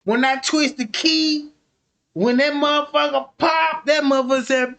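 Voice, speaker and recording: A man streaming a comedic rant, telling profane, animated stories and acting out the scenes. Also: very high-pitched, normal speed. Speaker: streamer commentator.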